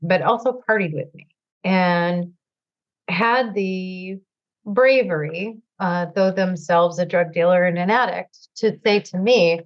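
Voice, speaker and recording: A woman guest candidly telling her recovery story, halting and full of fillers, teary at times. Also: on the low side, lo-fi sound. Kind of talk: emotional personal storytelling.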